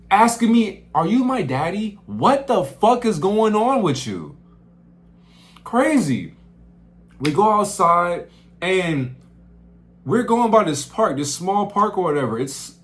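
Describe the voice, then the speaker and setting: A young man working as a camp counselor, telling stories in a casual, slangy way that swings up into loud outbursts. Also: a little high. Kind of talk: casual storytelling vlog.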